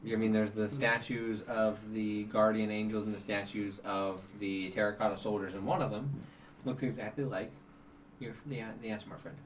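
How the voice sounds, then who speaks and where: A man narrating as game master in a relaxed, halting way. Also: lowish voice, roomy sound. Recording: faint noise, distant mic.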